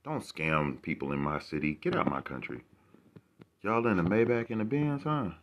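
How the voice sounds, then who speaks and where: A man's voice: deep voice, very animated, moderate pace. A man vlogging to camera, ranting casually with rambling, profane and sarcastic remarks.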